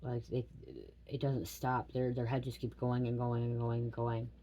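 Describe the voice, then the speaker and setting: A woman's voice: a bass voice, monotone, normal speed, highs cut off. A middle-aged woman giving a casual spiritual reading to camera. She rambles, swears bluntly and keeps checking in with "okay?". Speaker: tarot reader.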